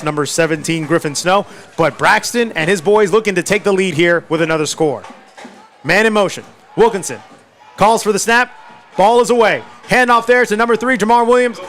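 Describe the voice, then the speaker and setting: Calling a high school football game play by play, a high-voiced man moves quickly through the routine snaps. He is excitable and breaks into excited shouts whenever a runner breaks free.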